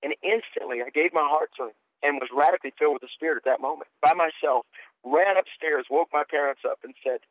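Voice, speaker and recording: A middle-aged man serving as a guest preacher earnestly shares his personal testimony, often repeating words as he begins sentences. His voice sits on the high side and moves fast, recorded over a phone as a tinny, dry phone line with no echo.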